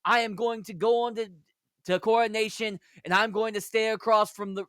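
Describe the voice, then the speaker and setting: A man's voice: high voice, level tone, moderate pace, a bit bright, clear, resonant tone, no room sound, studio quality, pitched above the performer's own voice. A man voicing a cocky British male wrestler, with a put-on British accent and a pompous, declaiming manner. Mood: defiant.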